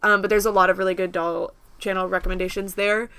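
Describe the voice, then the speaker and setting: A woman's voice: mid-range voice, level tone, quick pace, sharp tone, clean tone, no echo. A young woman from the United States hosting a casual livestream, rambling and laughing often as she talks to viewers. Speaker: livestream host.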